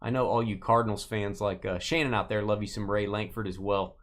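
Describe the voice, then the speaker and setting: A man's voice: fairly low pitch, steady tone, fairly quick. A man hosting a live sports card break, joking with viewers by name and stretching out player names as he calls each card. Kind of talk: casual live-stream commentary.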